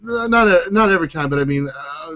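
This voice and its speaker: A man's voice: on the high side, expressive, fast, pushed and bright. A young man hosting a podcast, telling a story in a rambling, self-mocking way. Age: young adult. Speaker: podcast host. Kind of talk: casual chat, storytelling. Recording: lo-fi live podcast recording.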